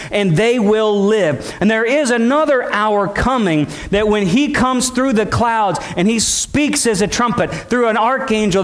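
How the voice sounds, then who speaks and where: A man preaching a sermon, building repeated phrases with emphasis and dropping at times to soft, intimate tones. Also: sits high. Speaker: pastor.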